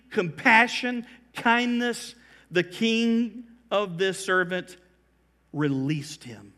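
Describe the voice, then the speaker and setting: A middle-aged male pastor with a notably high-pitched voice delivers a sermon. He builds intensity through repetition and drops his pace to weigh single words. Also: pushed and bright. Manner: emphatic preaching that swells in volume on repeated phrases; slows down to stress key words.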